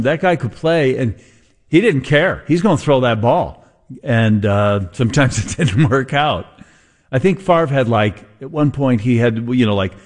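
A man hosting a sports talk show, rambling and thinking aloud as he chats about games. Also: mid-range voice. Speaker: sports radio host.

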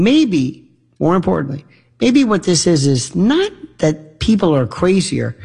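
A man hosting a talk radio show, speaking in an opinionated monologue full of rhetorical questions. His voice is gravelly with a husky edge, and his pitch swings widely as he acts out both sides of imagined exchanges. He sits a little higher than most men. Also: darkish tone.

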